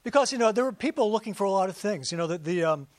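High-voiced man preaching a chatty sermon. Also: expressive, racing, no echo. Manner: chatty, full of rhetorical questions and asides to the congregation. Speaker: pastor. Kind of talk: conversational sermon.

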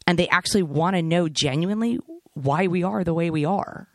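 A woman who directs a faith nonprofit, speaking casually to a church with frequent fillers and lively asides. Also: on the low side, a little fast, dry recording. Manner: casual, lots of "like", animated asides. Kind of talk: guest talk to a church. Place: church service.

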